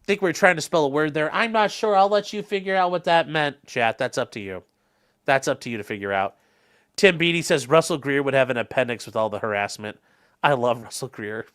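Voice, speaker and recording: A man's voice: mid-range voice, brisk, fairly bright tone, clear, resonant tone. A young man hosting a casual livestream, rambling through legal talk and viewer comments with plenty of fillers and restarts.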